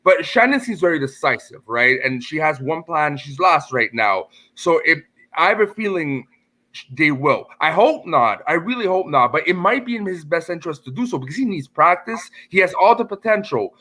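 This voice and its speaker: Bright-voiced man from Montreal. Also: a little high, big pitch swings, moderate pace. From Montreal, Canada. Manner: hesitant, repeats words and restarts. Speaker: panel co-host. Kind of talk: casual live-stream panel chat.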